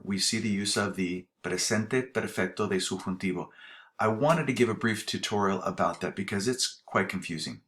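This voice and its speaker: Low-voiced man teaching Spanish grammar. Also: fairly bright tone. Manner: explains patiently with spoken examples. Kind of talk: grammar tutorial.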